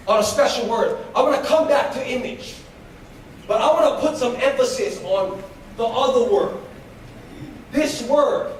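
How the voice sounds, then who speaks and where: Recorded from a distance in an echoey school hall with slight background noise, an American motivational speaker with a very high voice preaches an inspirational talk to a live audience. He is fervent, leads call-and-response, and breaks into shouts at times.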